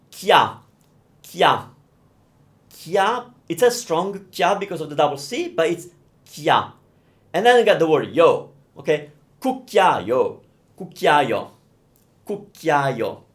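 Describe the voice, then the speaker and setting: A young Italian man with an Italian accent runs a live pronunciation lesson. His voice sits a little high and swings widely as he draws out each sound. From Italy. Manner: animated, drawn-out demonstrations of sounds. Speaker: Italian teacher.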